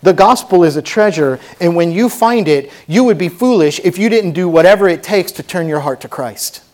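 A man's voice: high voice, animated, normal speed, a little mellow. A man preaching a sermon as pastor to a church congregation, fervent and conversational with asides. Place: church sanctuary.

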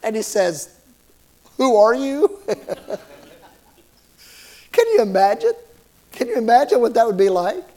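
A man's voice: sits high, wildly swooping pitch, a little slow, long pauses, warm tone. A man preaching a sermon as pastor, asking the congregation questions, repeating words and slipping in small jokes.

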